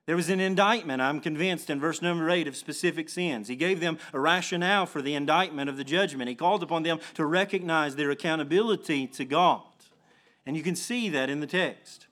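Male pastor preaching, highish voice, keeps restarting then hits it hard. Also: a little fast, a bit bright. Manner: earnest preaching with many restarts and emphatic swells. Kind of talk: sermon.

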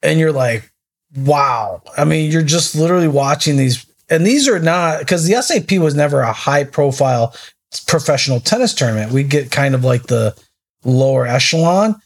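A man's voice: fairly high pitch, lively intonation, a little fast. A man chatting casually, rambling and restarting as he tells sports stories. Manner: rambling storyteller, many restarts. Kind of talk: casual chat.

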